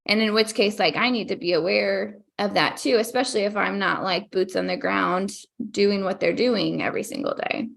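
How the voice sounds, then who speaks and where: A woman with a gravelly, creaky voice explains her thinking on a podcast. She talks in a calm, measured, thoughtful way. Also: medium pitch. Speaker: consultant, podcast guest. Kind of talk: casual podcast chat.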